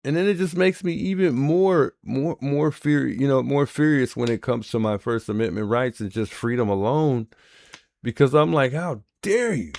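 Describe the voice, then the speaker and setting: A man's voice: medium pitch, moderate pace, creaky, a little mellow, dry recording. A man hosting a livestream, reacting in casual commentary and repeating himself in disbelief. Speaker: livestream host.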